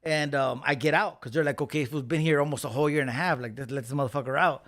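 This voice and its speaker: A man tells a story in relaxed, slang-heavy talk, full of swearing. His voice sits a little high for a man and has a gravelly, fry-laced edge. When he acts out the other people in the story, he gets animated. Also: quick pace. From Los Angeles County. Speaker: podcast guest. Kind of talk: casual storytelling.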